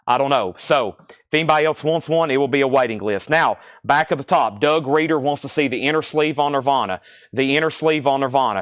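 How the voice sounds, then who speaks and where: A man hosting a live record sale, briskly reading off buyer names and prices, out of breath. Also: mid-range voice, a bit bright, smooth, dry recording. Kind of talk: live-stream sales patter.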